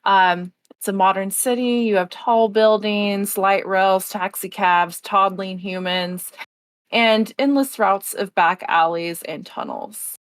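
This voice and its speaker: A woman running a tabletop game as storyteller, slowly describing the setting with many pauses. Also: mid-range voice, smooth, no room sound. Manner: unhurried, filler-heavy setting description. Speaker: game master.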